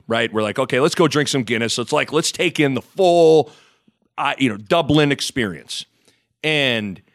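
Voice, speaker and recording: A man's voice: mid-range voice, a bit bright, no echo, clean studio sound. A man hosting a podcast, telling stories in casual chat and acting out quotes. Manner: storytelling, laughs often, acts out quotes. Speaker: podcast host.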